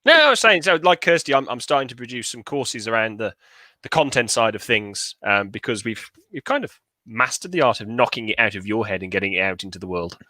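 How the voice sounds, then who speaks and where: A man's voice: medium pitch, expressive, fairly quick, sharp tone, no echo. A young man, an operations director, talking casually and thoughtfully with dry humor. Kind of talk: casual chat. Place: indoor, video call.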